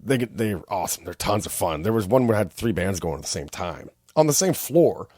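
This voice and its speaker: A Canadian man co-hosting a podcast, telling travel stories in casual chat and acting out other people's lines in high voices. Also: a little fast, no room sound, clean studio sound. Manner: animated storyteller, acts out quotes in high voices. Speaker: podcast co-host.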